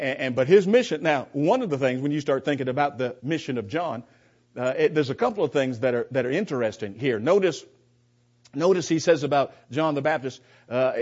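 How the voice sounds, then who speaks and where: On a dull, lo-fi recording, a man leads a Bible class with plenty of emphasis, frequent repetition and rhetorical questions. His pitch is fairly high and his tone darkish.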